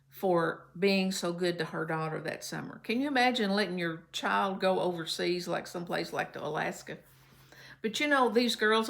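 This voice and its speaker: A woman from Kentucky, telling a chatty, folksy story to her viewers. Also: fairly low pitch. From Kentucky, USA. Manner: folksy, chatty, warm storytelling with many fillers. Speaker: vlogger. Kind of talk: casual storytelling to camera.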